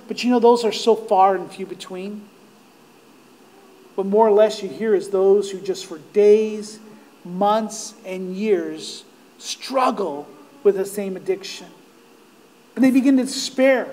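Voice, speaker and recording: A male pastor preaching a sermon, earnest and direct with his listeners, growing impassioned and nearly shouting at the peaks. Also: high voice, unhurried, pauses often. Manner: impassioned, rising to near-shouts on quoted cries.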